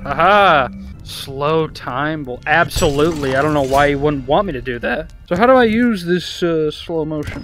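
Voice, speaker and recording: A man with a high, bright voice reacts loudly to his VR game. He swears and trash-talks the enemies. Steady game noise runs under his voice. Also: a little slow. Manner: excitable, profane trash talk at game enemies. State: out of breath at times. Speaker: gaming video host. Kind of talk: VR gameplay commentary.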